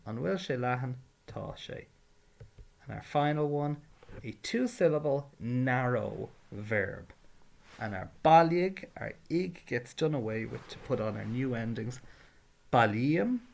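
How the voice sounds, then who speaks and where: A man's voice: mid-range voice, expressive, measured pace, gravelly. A man teaching a patient, step-by-step grammar lesson. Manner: patient, explains carefully, drills verb forms. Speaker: Irish language teacher.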